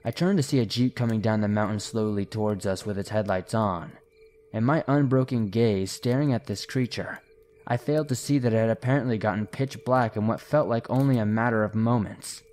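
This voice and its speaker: A man narrating listener-submitted horror stories, slowing and hushing his delivery at the tense moments. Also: lowish voice.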